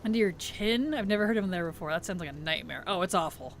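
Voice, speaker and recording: A woman's voice: lowish voice, quick pace, a little hiss or hum. A woman streamer in casual livestream chat, thanking subscribers, answering chat and giggling often.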